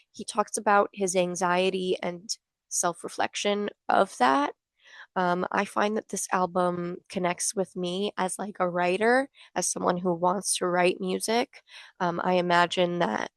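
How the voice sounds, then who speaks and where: Chatty young woman with a gravelly edge. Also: medium pitch, dry recording. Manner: chatty and gushing, many fillers. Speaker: vlogger. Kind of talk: casual fan talk to camera.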